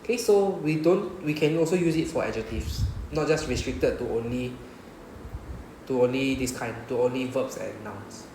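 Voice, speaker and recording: A man's voice: mid-range voice, moderate pace, a little mellow, echoey room, a little hiss or hum, poor audio. A man with a Singaporean English accent teaching a Japanese class, often checking with "right?". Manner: repeats "right?" to check understanding. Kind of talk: classroom lesson explanation.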